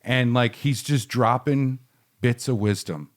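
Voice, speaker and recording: A man's voice: medium pitch, slow. A young man casually telling a long story on a studio podcast, rambling with fillers and swearing freely. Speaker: podcast co-host. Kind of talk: casual chat.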